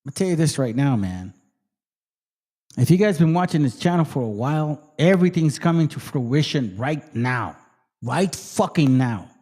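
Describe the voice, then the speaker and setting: A fired-up man who talks straight to his viewers and swears at every turn. He slips into Spanish slang now and then. His voice sits a little high and swings up and down a lot. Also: a little mellow. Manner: heated, swearing, code-switching into Spanish slang. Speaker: channel host. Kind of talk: profane casual rant to viewers.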